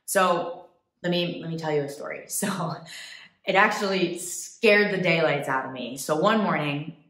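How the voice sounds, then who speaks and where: A woman from the United States, a travel vlogger, telling a story to camera in a chatty, animated way. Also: deep voice, unhurried, reverberant. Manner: chatty, animated, quotes people in put-on voices.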